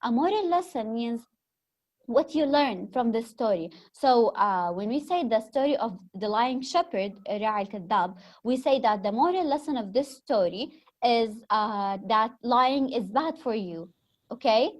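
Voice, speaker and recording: A woman's voice: fairly high pitch, animated, measured pace. A young woman with an Egyptian accent giving a classroom lecture, patiently explaining terms and quizzing her students. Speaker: teacher.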